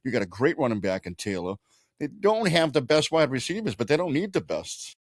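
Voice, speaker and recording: A man's voice: medium pitch, sing-song, brisk, no room sound, studio quality. A man co-hosting a casual sports podcast, rambling through loose, profane analysis and laughing often. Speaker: podcast co-host.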